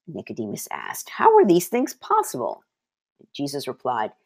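Low-voiced woman preaching with lively emphasis. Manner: emphatic, slows down to stress key words; personal testimony mixed with Bible reading. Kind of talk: sermon with scripture reading.

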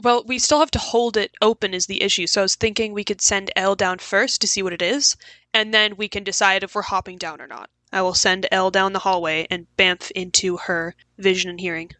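A woman's voice: mid-range voice, fairly even intonation, fairly quick, sharp tone, dry recording. A woman playing in a tabletop game, asking questions and planning her moves aloud. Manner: inquisitive, plans aloud. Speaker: player. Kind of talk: casual tabletop play.

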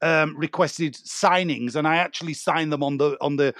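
A man's voice: a little high, steady tone, moderate pace, fairly bright tone, no room sound, clean studio sound, lightly acted. A man playing a pompous, rambling author being interviewed in an improvised comedy. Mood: smug. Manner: rambling, self-satisfied improv guest. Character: pompous male author of a train murder novel.

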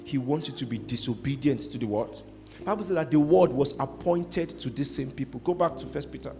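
A man's voice: mid-range voice, a little fast, warm tone, faint music behind. A man preaching a sermon as pastor, repeating phrases and asking the congregation to finish his sentences.

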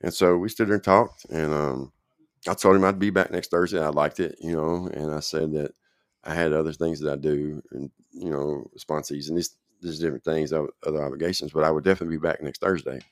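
A man's voice: very deep voice, steady tone, brisk, no echo, clean studio sound. A man telling his own recovery story in a casual, rambling way, often checking in with the listener.

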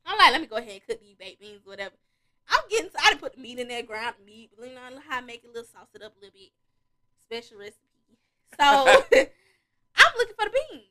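A woman's voice: high voice, fast. A young woman hosting a podcast, telling a wild story in casual, profane chat and acting out the other people's lines. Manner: animated, profane, acts out voices and beats, laughs often. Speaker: podcast host.

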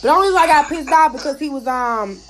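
A woman's voice: sits high, racing, slight background noise. A woman speaking into a phone in a live audio chat room, telling stories and ranting bluntly with lots of cursing and acted-out quotes. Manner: blunt, heated, animated, heavy cursing, acts out quotes. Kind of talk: casual profane rant and storytelling.

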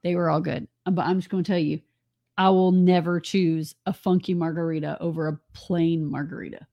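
A woman speaks in a lowish voice with a gravelly edge and a mellow tone. She chats frankly and opinionatedly as a podcast co-host, teasing her partner along the way. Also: fairly even intonation, a little fast, lo-fi sound. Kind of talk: casual chat.

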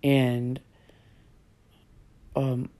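A woman's voice: extremely low pitch, completely flat delivery, extremely slow, warm tone. A woman casually telling a personal story in a chatty, rambling way, full of fillers.

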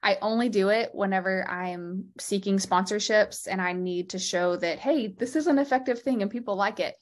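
A woman clinician and podcast founder speaking as an interview guest, earnest and heartfelt, talking in quick, open bursts. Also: medium pitch. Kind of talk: candid conversational interview.

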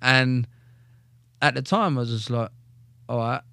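A man's voice: mid-range voice, unhurried, gravelly, dry recording. A young man, a former soldier, telling his story in a casual podcast chat, blunt and full of swearing. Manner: blunt, heavy swearing, animated retelling.

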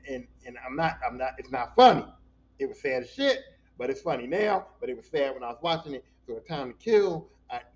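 High-voiced, blunt, profane man. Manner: blunt, profane and animated, with lots of repeated words. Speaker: podcast host. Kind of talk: casual monologue. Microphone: voice message. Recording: dull lo-fi podcast audio.

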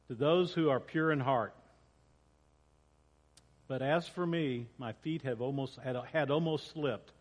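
A man preaching as a pastor, reading scripture in a casual way and often repeating and correcting himself. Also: medium pitch. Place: church sanctuary. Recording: long church reverb.

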